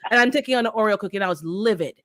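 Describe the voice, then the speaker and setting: A woman co-hosting a gardening live stream, chatting casually and telling stories with lively acted-out bits. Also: mid-range voice, rapid-fire. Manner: animated storyteller, acts out animal sounds. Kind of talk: casual chat.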